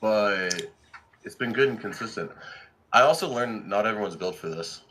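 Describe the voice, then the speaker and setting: A man's voice: lowish voice, animated, normal speed, fairly bright tone, a little hiss or hum, poor audio. A man hosting a casual livestream, teasing his guests in a dry way.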